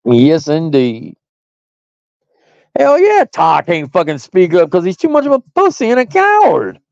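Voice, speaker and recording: A man with a fairly high voice ranting to his stream audience, profane, mocking and combative. The sound is dry and close, with a slightly dull lo-fi quality. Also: wildly swooping pitch, measured pace, gravelly, a little mellow, dry recording. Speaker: stream host. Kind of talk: ranting monologue.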